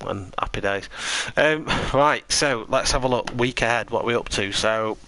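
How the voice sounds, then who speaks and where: A man's voice: medium pitch, normal speed, sharp tone, no echo, low-quality recording. A tired man giving chatty, rambling commentary on a live sim racing stream and answering his chat.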